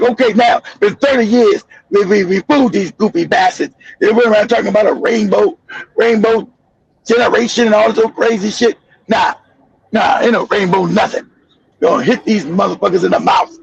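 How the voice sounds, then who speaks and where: Brief: middle-aged male host, very high husky voice with gravel, blunt and profane, laughs loud. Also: no echo, lo-fi sound. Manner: blunt, profane, laughs a lot, mimics callers. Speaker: show host. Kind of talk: loud unfiltered commentary.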